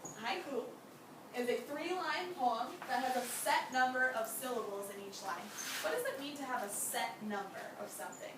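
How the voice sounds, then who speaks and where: A young woman teacher with a high-sitting voice leads a classroom lesson at normal speed, encouraging her students and asking them many questions. The recording is distant and echoey, with background noise.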